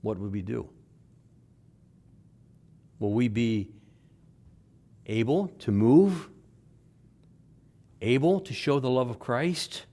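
A man preaching a sermon, repeating phrases for emphasis and swinging between loud stresses and hushed words. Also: mid-range voice, slow pace, pauses often. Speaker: pastor.

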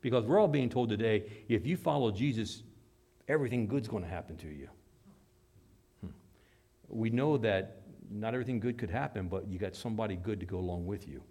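A man's voice: fairly low pitch, brisk, dark tone, slightly rough. A man preaching a sermon in an emphatic, dramatic way, acting out the voices he quotes.

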